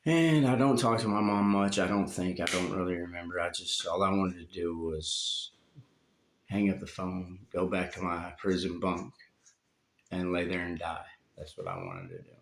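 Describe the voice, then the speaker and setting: A man with a very low, gravelly voice, telling a painful story from his own life. He speaks haltingly and heavily, with long pauses. The sound comes from a phone in a roomy space with some echo. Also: fairly bright tone, a little hiss or hum. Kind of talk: personal storytelling.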